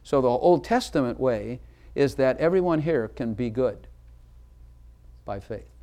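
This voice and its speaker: A man delivers a sermon to a congregation, hammering his points with emphasis. He stops often to ask listeners questions directly and waits for answers. His voice sits at an ordinary middle pitch. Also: lively intonation, unhurried, warm tone. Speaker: pastor.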